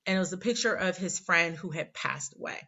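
A woman's voice: on the low side, brisk, gravelly, sharp tone, muffled recording. A woman in her forties, a poet guest telling a rambling, candid, self-deprecating story in casual interview chat. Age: 40s.

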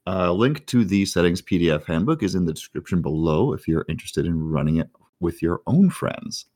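A man hosting and narrating a tabletop game as game master, relaxed and joking. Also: low-pitched, brisk, no room sound, clean studio sound. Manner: relaxed, joking, plugs the channel.

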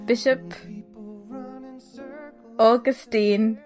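A woman with a somewhat high voice co-hosts a comedy podcast, hamming it up in a mock-grand way. Her throat is a little scratchy. Faint music sits behind her. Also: steady tone, very slow, darkish tone. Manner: silly, mock-grand bits. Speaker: podcast co-host. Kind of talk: casual comedic chat.

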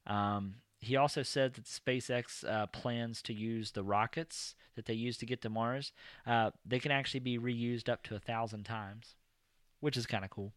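A man's voice: mid-range voice, steady tone, normal speed, dry recording. Guy host rambling thru news, lots of um and uh, mid voice, dry mic. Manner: rambling, many ums and uhs. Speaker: podcast host. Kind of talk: casual chat.

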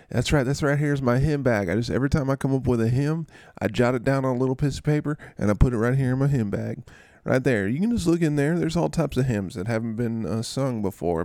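A man hosting a casual podcast, loose and rambling, joking at his own expense. His voice has a steady gravelly fry, recorded close and dry with no room sound. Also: medium pitch, no room sound. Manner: rambling, jokey, self-mocking. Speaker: podcast host. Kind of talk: casual chat.

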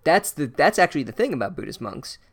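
A man's voice: a little high, fast talker, creaky. A man hosts a comedy podcast and recaps a chapter with lots of swearing and sarcasm. His voice rises and falls widely as he riffs. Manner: profane, animated, sarcastic. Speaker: podcast host.

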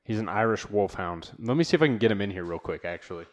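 A man hosting a casual solo podcast from a home studio, rambling in a relaxed, slangy way. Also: on the low side, quick pace. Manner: laid-back, slangy, rambling with fillers. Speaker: podcast host.

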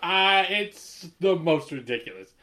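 A man's voice: on the high side, very animated, measured pace, bright, forceful tone. A married man in casual conversation as a podcast co-host, telling stories animatedly, swearing and laughing often. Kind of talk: casual chat.

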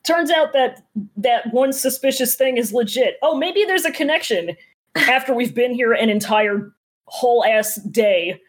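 Woman co-host, high pitch, wry, laughs easily, casual. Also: unhurried, husky. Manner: wry, joking asides, laughs often. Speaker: podcast co-host. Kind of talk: casual chat recapping a novel.

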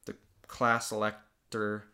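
Bright-voiced young man reading, amused. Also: lowish voice, monotone, slow. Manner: amused, laughs often while reading. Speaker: host reading aloud his own childhood comic book. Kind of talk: casual chat.

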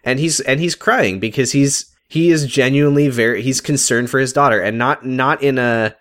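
A man co-hosting a casual show recap podcast, animated and quick to act out lines from scenes. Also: mid-range voice. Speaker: podcast co-host.

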